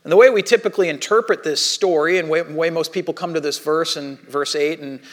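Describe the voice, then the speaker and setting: A pastor in his thirties delivers a sermon in a fairly high, brisk voice. He tells stories conversationally, animatedly acting out the voices of the people in them and often restarting his sentences.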